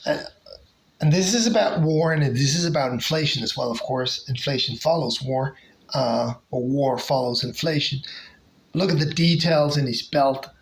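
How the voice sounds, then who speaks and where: A comic collector casually showing off favorite covers, talking hesitantly with lots of pauses and restarts. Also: mid-range voice, rough recording. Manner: hesitant, many fillers and restarts.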